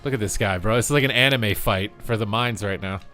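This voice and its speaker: Bright-voiced, jokey gaming streamer man. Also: on the low side, quick pace, faint music behind. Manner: jokey, swears, chatty asides to viewers. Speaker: game streamer. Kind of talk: casual live gameplay commentary.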